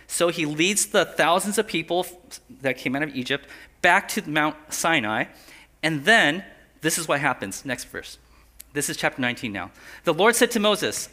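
Male pastor, bright and higher-pitched, storytelling sermon with acted-out dialogue. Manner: acts out dialogue, asks the listeners questions, leads a guided imagination. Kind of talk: animated sermon with slides.

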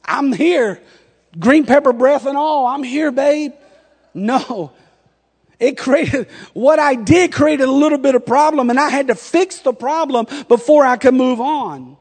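A man in his thirties, a pastor preaching, telling a lively story and acting out the dialogue. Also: very high voice, a little slow, breathy edge. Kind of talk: storytelling sermon. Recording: long hall reverb.

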